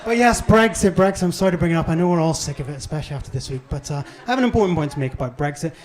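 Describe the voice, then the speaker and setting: A young man with a softened Northern Irish accent delivers quick, self-mocking jokes on a club stage. His voice sits high for a man. Audience noise comes through clearly around his stage mic. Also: expressive. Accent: Northern Irish, toned down. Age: young adult. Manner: brisk, punchy, self-deprecating delivery. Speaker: stand-up comedian. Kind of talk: stand-up comedy set. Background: audience laughter and cheers.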